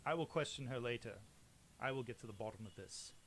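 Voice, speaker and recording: A man's voice: medium pitch, fairly quick, a bit bright, a little hiss or hum, close to an everyday voice. A man voicing a stern, curt guard captain in a tabletop game.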